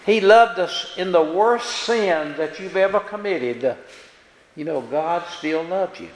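In a church sanctuary, a man preaches a folksy, plain-spoken sermon, often checking in with the congregation through tag questions. His high voice is expressive and slow, with a little hiss or hum and echoey hall reverb in the recording.

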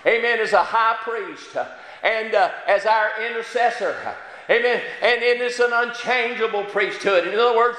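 A man preaching a fervent sermon in a church, breaking into amens and halting fillers as he builds to loud, emphatic peaks. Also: very high-pitched. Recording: echoey hall with long reverb.

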